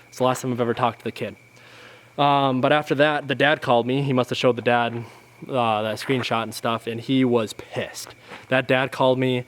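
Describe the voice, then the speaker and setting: A man vlogging to camera, telling a frustrating story in an exasperated, rambling way with frequent restarts. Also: mid-range voice. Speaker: outdoors channel vlogger.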